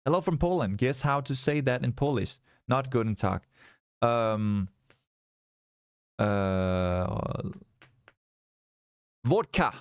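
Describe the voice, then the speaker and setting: A man hosting a live trading stream, talking viewers through a chart with animated, coaxing commentary and repeated rhetorical questions. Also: medium pitch, brisk, hardly any pauses, no echo, studio quality. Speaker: livestream trading host.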